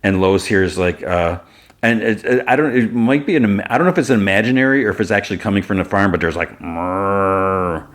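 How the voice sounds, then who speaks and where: A man's voice: fairly low pitch, expressive, fast talker. A man podcast host casually recapping a cartoon episode, rambling with lots of filler words.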